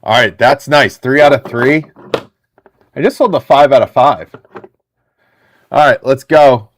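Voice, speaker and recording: A man in his thirties hosting a live card break stream, chatting excitedly with viewers in the chat. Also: mid-range voice, unhurried.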